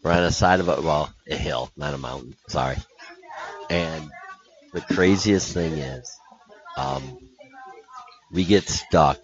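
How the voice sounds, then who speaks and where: A man's voice: rumbling low, slow, pauses often, lo-fi sound. A man who coaches hockey, telling stories in a podcast interview with animation and laughing at his own punchlines.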